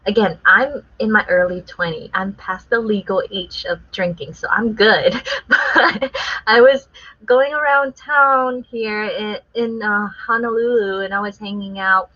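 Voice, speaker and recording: A woman's voice: mid-range voice, steady tone, measured pace, bright, forceful tone. A woman guest artist telling a story in casual chat, laughing often as she talks. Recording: muffled lo-fi sound.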